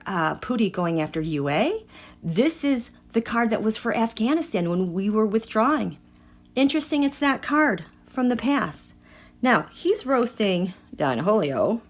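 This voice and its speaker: A woman hosting a live tarot reading who talks straight to her viewers and swings between hushed asides and excited outbursts. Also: medium pitch. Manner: chatty, addresses viewers directly. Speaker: tarot reader and livestream host.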